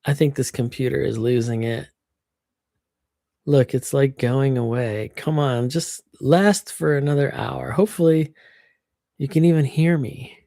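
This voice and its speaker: A woman's voice: extremely low pitch, measured pace, warm tone, dry recording, studio quality. A woman chatting casually on a livestream, venting and swearing freely into her computer microphone.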